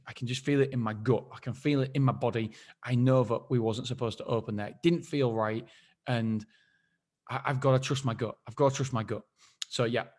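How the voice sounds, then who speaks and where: A man in a casual solo podcast, talking at an ordinary middle pitch. He rambles, restarts and repeats phrases, poking fun at himself as he goes. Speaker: podcast host.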